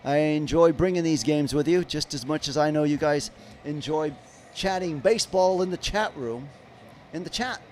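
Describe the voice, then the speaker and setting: A man with a notably high voice calls a baseball game live for his stream. He mixes the pitch-by-pitch calls with loose, rambling chat to viewers. A faint hum of background noise sits under his voice. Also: normal speed, a little mellow. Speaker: livestream baseball commentator. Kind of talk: live play-by-play commentary.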